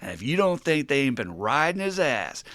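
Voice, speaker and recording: A man hosting a podcast, telling stories in a casual, animated and profane way. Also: medium pitch, moderate pace, no echo. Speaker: podcast host. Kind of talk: casual chat.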